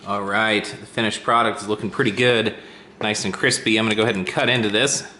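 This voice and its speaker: Bright-voiced, tired male vlogger. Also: fairly low pitch, steady tone, fairly quick. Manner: rambling, easygoing, talks to his cat. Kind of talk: casual vlog chatter. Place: cold, drafty house at home. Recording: echoey room with faint noise.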